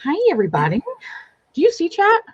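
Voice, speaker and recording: Woman host on a video call, high lively voice, giggly, swears a bit, dull lo-fi sound. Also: fairly quick. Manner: giggly, swearing, self-mocking. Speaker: livestream host. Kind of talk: casual chat. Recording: dull lo-fi stream audio.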